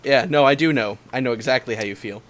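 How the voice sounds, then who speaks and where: A man's voice: mid-range voice, fast talker, very noisy. A man in a casual podcast chat, playful and wry, trading jokes with his co-hosts. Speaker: vocalist and co-host.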